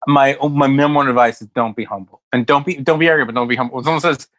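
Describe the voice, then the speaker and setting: A man's voice: mid-range voice, racing, a bit bright, dry recording, poor audio. A man who is a comedian, telling rambling stories in a casual podcast chat and acting out quotes. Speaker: comedian guest. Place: West Hollywood.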